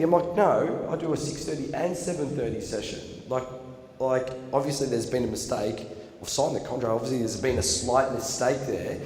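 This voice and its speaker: A young man telling his own story at a seminar, acting out the voices of people he quotes with big jumps in loudness. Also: medium pitch, moderate pace. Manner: animated, acts out quotes with big swings in loudness. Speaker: seminar speaker. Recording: echoey hall recording, faint room noise.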